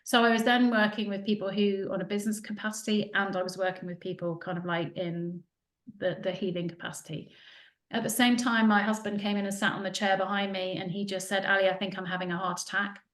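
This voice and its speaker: A woman, a podcast guest telling her story in casual, animated talk and acting out what people said. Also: medium pitch, fairly quick. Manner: chatty, animated, acts out quoted dialogue. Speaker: podcast guest, joy coach. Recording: roomy echo.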